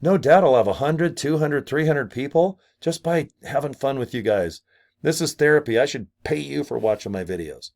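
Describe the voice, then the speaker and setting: A man's voice: mid-range voice, lively intonation, moderate pace, vocal fry, a little mellow. An older man vlogging a casual promotional rant, goofy and crude, full of exaggerated asides and silly put-on voices. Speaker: marketing vlogger.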